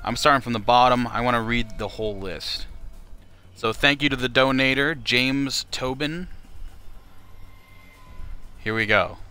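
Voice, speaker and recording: A man's voice: mid-range voice, unhurried, long pauses, pushed and bright, smooth, faint music behind. Crude, joking man hosting a livestream. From Canada. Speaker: livestream fundraiser host. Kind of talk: casual livestream chat.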